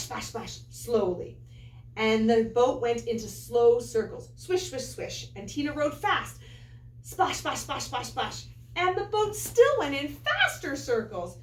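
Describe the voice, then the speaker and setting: A woman teacher reading a picture book aloud to children, an animated storyteller with playful asides. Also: on the high side, unhurried. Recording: echoey room, far from mic.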